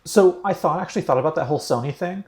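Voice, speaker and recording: A man's voice: fairly high pitch, very fast, darkish tone. A young man on a casual gaming podcast, enthusiastic and repeating his emphasis words. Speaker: podcast co-host. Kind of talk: casual chat.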